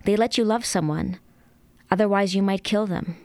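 A woman reading aloud from a novel, voicing a blunt adult woman friend who calmly lays down boundaries. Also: medium pitch, moderate pace, no echo, lightly acted. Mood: firm.

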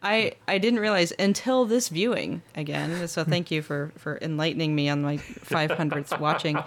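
A woman in casual film-discussion chat, joking and acting out scenes in quick quoted voices. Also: low voice, a little hiss or hum.

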